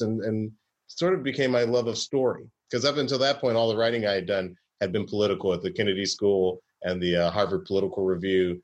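A man's voice: fairly low pitch, muffled recording. A man from Georgia, a comedy writer, telling stories in a casual interview with a wry, rambling, self-correcting way of talking. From Southern US, Georgia.

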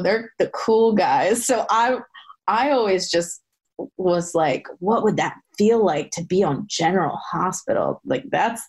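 A young woman, a former soap actress, chatting as an interview guest and telling stories with lively, excited quoted voices. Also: medium pitch. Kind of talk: casual interview storytelling.

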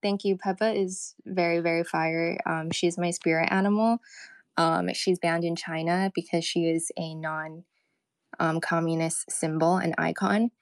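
A woman's voice: lowish voice, fairly even intonation, unhurried, no room sound. A young woman co-hosting a casual online talk show, chatting in a rambling way with lots of fillers. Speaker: co-host. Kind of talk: casual chat.

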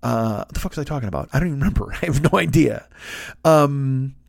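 A man's voice: mid-range voice, expressive, quick pace, vocal fry, no echo, clean studio sound. A man, a comedian hosting a podcast, ranting casually and profanely while acting out quotes.

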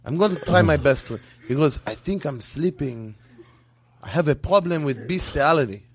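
A man telling a long joke on a podcast in broken English, laughing at his own lines and shouting the doctor's part. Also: on the high side, expressive, moderate pace, over a noisy crowd. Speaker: comedian guest.

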